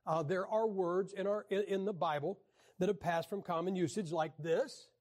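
A man teaching a Bible class in a folksy, joking way, often clearing his throat and restarting his sentences. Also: high-pitched, fairly even intonation, moderate pace, darkish tone. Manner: frequent throat clearing and restarts, jokey asides. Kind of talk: folksy teaching talk with jokes.

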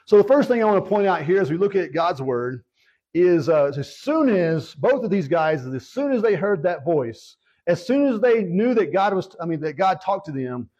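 Pastor, male, somewhat high voice, earnest and repetitive preaching, muffled lo-fi recording. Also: darkish tone. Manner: earnest, repetitive, asks rhetorical questions. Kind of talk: sermon with opening prayer.

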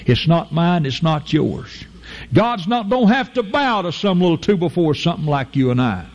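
A man preaching a fervent, folksy sermon, leaping to high emphatic peaks and slowing down to draw out key phrases. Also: very animated, lo-fi sound. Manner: fervent, with sudden jumps to a high emphatic pitch and drawn-out slow phrases; folksy, informal grammar, addresses listeners as folk.

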